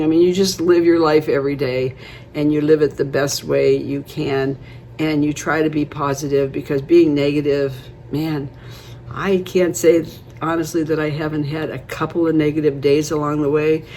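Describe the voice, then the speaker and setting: A woman's voice: deep voice, darkish tone, slight background noise. Chatty woman in her eighties. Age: 80s. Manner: chatty, rambling storyteller, laughs often. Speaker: beauty vlogger. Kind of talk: casual chat to camera.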